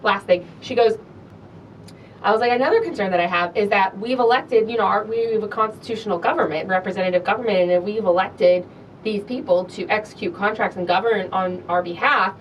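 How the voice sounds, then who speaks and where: A woman co-hosting a podcast, telling a story in a lively, animated way and acting out both sides of a conversation, with an American accent. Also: brisk. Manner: animated, acts out dialogue with big pitch jumps. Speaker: podcast co-host. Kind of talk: casual storytelling chat. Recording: distant mic with faint low rumble.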